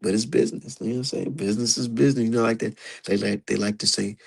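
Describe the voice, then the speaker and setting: A man's voice: on the low side, quick pace, gravelly, slightly rough, rough recording. A man streaming live, giving casual, profane commentary and talking straight to his chat. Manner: profane, animated, talks to chat.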